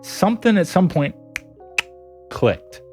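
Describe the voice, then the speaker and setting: A man's voice: high voice, takes it slowly, faint music behind. A young adult man streaming, chatting casually with viewers, giggling a lot. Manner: giggly, laughs a lot, animated. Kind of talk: casual chat reading viewer messages.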